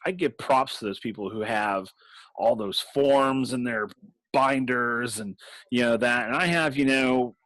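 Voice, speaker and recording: A man's voice: mid-range voice, unhurried, a bit bright, no echo, rough recording. A man in casual chat about tabletop games, rambling with restarts and laughing often. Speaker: game master and podcast host.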